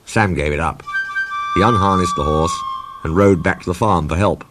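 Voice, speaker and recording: A man narrating a children's railway story in a calm, measured way. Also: low voice. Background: music.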